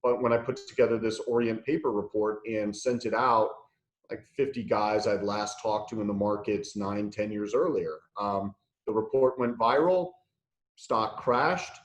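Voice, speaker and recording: A man's voice: lowish voice, steady tone, moderate pace, echoey room. A man telling his story as an interview guest, blunt and profane, laughing through the funny parts. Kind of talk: candid conversational storytelling.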